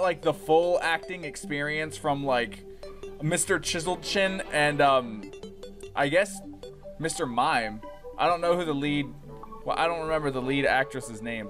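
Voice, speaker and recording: A young man giving casual, profane let's-play commentary, rambling and breaking into excited yells. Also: on the high side. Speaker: gaming YouTuber.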